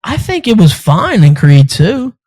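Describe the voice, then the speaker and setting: Animated young man telling fight stories. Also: sits high, a little slow, husky, rough recording. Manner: animated storytelling, laughs often, swears casually. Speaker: podcast host and amateur fighter. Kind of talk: casual chat.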